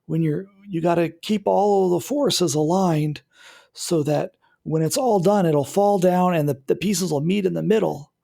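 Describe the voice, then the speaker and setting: A man's voice: high-pitched, moderate pace, vocal fry, mellow. Man doing a folksy old engineer on a cane. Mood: instructive. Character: fussy old male engineer neighbor on a cane. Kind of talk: tabletop role-play.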